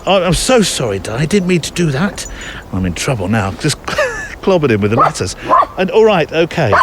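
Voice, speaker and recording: A man's voice: fairly high pitch, sing-song, moderate pace, heavy background noise. A man hosting his show in a casual, rambling monologue while out on a muddy countryside walk, chatting and joking with his dog between thoughts. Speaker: podcast host.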